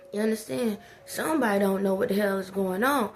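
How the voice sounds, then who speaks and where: A woman's voice: medium pitch, brisk, hardly any pauses, slight background noise. A woman talking casually in a personal vlog, rambling and preachy. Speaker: vlogger.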